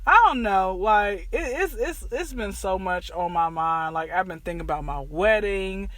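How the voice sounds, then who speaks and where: A woman in her twenties hosting a casual chat show, telling animated stories and acting out family dialogue. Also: medium pitch, moderate pace, dry recording. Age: 20s. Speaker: podcast host.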